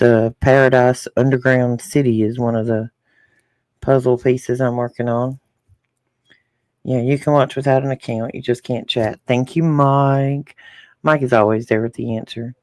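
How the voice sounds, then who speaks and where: A man's voice: medium pitch, fairly even intonation, normal speed, darkish tone, no room sound, studio quality. Folksy Southern man chatting to viewers. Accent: Southern US rural. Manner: folksy, chatty, reading comments aloud. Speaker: podcast co-host. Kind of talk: casual chat to live viewers.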